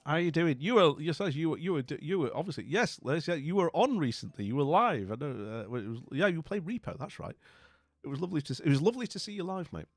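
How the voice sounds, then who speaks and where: A man's voice: on the high side, very animated, quick pace, no echo. A man from northern England, chatting casually and at a ramble while live streaming a game, with many asides like "you know what I mean".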